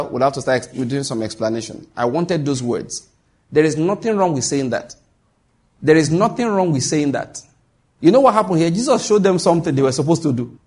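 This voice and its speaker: A man delivers a sermon in a husky, slightly high voice. He tells stories with humor and acts out the back-and-forth between characters. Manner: animated, humorous storytelling with acted-out dialogue. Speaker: preacher.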